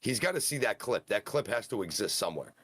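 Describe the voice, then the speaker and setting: Podcast co-host, man, lowish voice, dry close sound, eager play-by-play recap style. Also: husky, no room sound. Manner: excited, rapid-fire match recap. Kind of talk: casual wrestling review chat.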